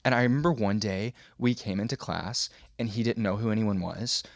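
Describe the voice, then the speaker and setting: A young adult man co-hosting a podcast, telling comedic stories in a casual, animated way and acting out the people he quotes. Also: a little fast, gravelly, no room sound, clean studio sound. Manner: animated storyteller, acts out quotes with big pitch jumps. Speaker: podcast co-host.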